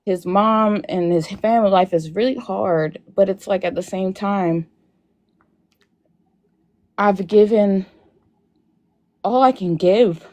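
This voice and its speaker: A young woman joins a live Q&A over video and tearfully tells her story, rambling and leaning on "like" again and again. She speaks slowly with frequent pauses, in a mid-range, slightly mellow voice.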